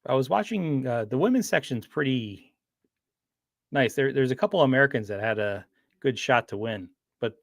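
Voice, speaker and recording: A man's voice: mid-range voice, animated, normal speed, dry recording, clean studio sound. Rambling man chatting on a stream. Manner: rambling, with frequent restarts and fillers. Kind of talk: casual livestream chat.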